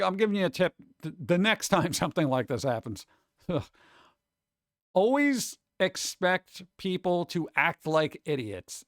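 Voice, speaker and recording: A man's voice: on the high side, dry recording, clean studio sound. A man streaming live, chatting casually and reading chat messages, rambling and joking with a sarcastic edge.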